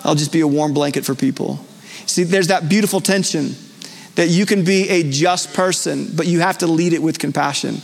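Pastor guy preaching live, kinda raspy, talks casual with lots of uhs, echoey sanctuary. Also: fairly high pitch, normal speed. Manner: earnest, conversational, with frequent fillers and restarts. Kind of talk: sermon. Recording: long church hall reverb.

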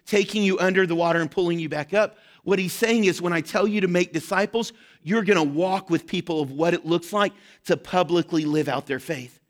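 A young man with a high voice preaches to his congregation. He drives each point home with urgent, direct appeals and breaks into shouts at the climaxes. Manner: impassioned, rises to shouting at peaks. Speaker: pastor. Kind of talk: sermon.

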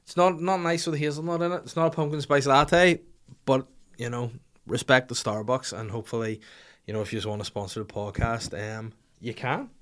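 A young man hosting a podcast, telling a comic story in a lively, profane way and acting out the people in it. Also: mid-range voice, brisk. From Northern Ireland. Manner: animated, profane, acts out voices in anecdotes. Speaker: podcast host.

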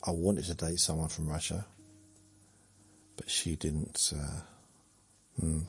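A man, rambling slowly through a meandering bedtime monologue with muttered asides that trail off. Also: extremely low pitch, level tone, breathy edge, soft background music. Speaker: sleep podcast host.

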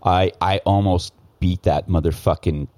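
A man's voice: deep voice, steady tone, a little slow, darkish tone, no echo. A man telling a story in casual podcast talk, heated and profane, often restarting his sentences. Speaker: guest, former news cameraman.

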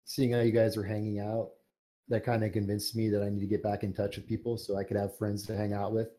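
A man's voice: on the low side, fast. A young man, a podcast guest who writes fan fiction, talking casually and rambling with lots of fillers. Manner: relaxed, rambling with many fillers. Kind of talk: casual interview chat.

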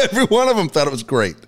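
A man co-hosting a show, tossing out quick teasing comebacks and chuckling along. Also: high voice. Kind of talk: casual banter.

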